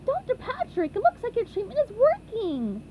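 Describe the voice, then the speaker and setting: SpongeBob, a squeaky sniffly sea sponge, as a woman puts him on. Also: huge pitch swings, normal speed, mellow, slight background noise, heavily acted, low-quality recording. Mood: excited. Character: excitable childlike male sea sponge. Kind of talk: storybook reading.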